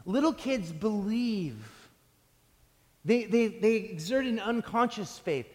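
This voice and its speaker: A man preaching a sermon as pastor, telling stories in an animated way and often restarting his sentences. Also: high-pitched, slow. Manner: animated storytelling with frequent restarts. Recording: long hall reverb.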